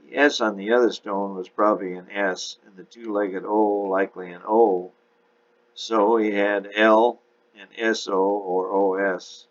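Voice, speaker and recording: A man's voice: on the low side, steady tone, measured pace. A man steadily narrating an audiobook chapter in a dull lo-fi recording.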